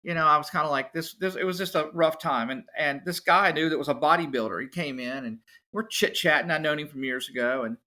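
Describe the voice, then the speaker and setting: A man, a musician and podcast guest, telling his story in a casual, animated way. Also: a little high, quick pace. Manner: animated, acts out other people's voices.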